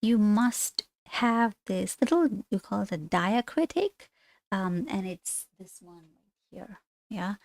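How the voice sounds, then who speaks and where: A woman's voice: a little high, darkish tone, dry recording. A woman teaching an online language lesson, explaining things on screen in a chatty, rambling way with frequent asides and self-corrections.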